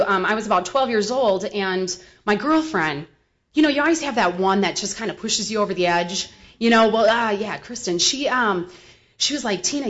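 A woman's voice: mid-range voice, a bit bright. A woman from the American Midwest giving a frank, humorous personal testimony at a recovery meeting, rambling with many fillers. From Milwaukee, US Midwest. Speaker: speaker sharing at a recovery meeting. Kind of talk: personal testimony, casual storytelling. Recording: dull lo-fi recording.

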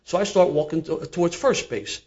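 Laughing as he goes, this older Philadelphia guest tells a casual story with animated energy. He talks briskly in a slightly high voice over dull audio.

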